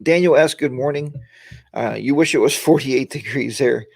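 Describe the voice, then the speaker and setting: A man's voice: mid-range voice, normal speed, gravelly, a little mellow, dry recording, studio quality. A tired middle-aged man hosting a casual live stream, rambling and greeting viewers by name.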